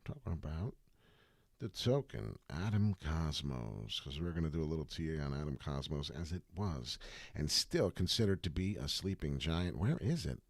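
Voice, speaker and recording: Brash low-voiced man hosting a crypto stream. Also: lively intonation, normal speed, dry recording, studio quality. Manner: brash, hype-driven, swears casually. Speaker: crypto livestream host. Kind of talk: live market commentary.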